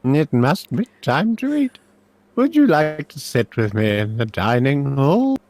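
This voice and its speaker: A man voicing a kindly, tearful old male magister with a high, slow, quavering voice. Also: big pitch swings, a little mellow, dry recording.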